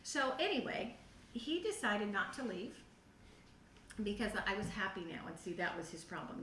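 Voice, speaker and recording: A middle-aged woman telling her personal testimony to a youth group, animated and acting out her own past reactions. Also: mid-range voice, moderate pace. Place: church youth room. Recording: echoey room, voice from far off the mic, faint noise.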